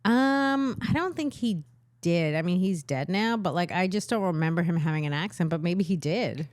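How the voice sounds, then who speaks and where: A woman from New York talking in a deadpan way with dark humor as a comedian guest in a casual chat. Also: lowish voice, moderate pace, dry recording, clean studio sound. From the Bronx, New York.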